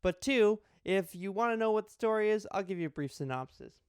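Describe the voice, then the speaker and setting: A man's voice: high-pitched, lively intonation, brisk, clear, resonant tone, no echo, clean studio sound. A young man talking casually and rambling a little as he reviews a board game. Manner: chatty, rambling with restarts and jokes.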